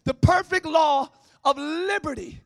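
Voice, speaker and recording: A man preaching a sermon as pastor, often shouting. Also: very high voice, a little slow, no echo, clean studio sound. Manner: shouting, sing-song preaching with call-and-response. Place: church service, before a congregation.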